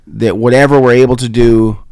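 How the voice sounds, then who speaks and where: A man's voice: mid-range voice, fairly even intonation, fairly quick, a crowd in the background. A man in his thirties co-hosting a casual podcast with his wife, joking and playful. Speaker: podcast co-host. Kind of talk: casual chat.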